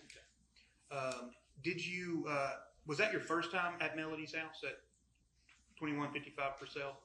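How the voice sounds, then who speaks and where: A man examines a witness in court, asking short, methodical questions and checking details. His tone is bright and pointed. The courtroom mic leaves a roomy echo on his voice. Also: a little high, steady tone, a little slow, a little hiss or hum.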